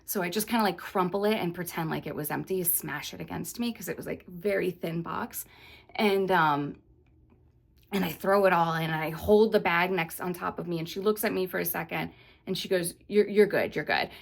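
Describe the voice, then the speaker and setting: Young woman with a gravelly low voice. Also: normal speed. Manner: animated, rambling retelling with many fillers. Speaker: vlogger. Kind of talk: casual storytime monologue.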